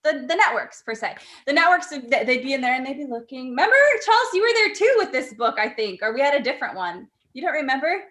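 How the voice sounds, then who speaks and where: Bright, high-pitched woman guest, chatty and rambling, on a video call. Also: very animated, quick pace, few pauses. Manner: chatty, rambling, searches for words. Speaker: cast member guest. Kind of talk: casual reunion chat.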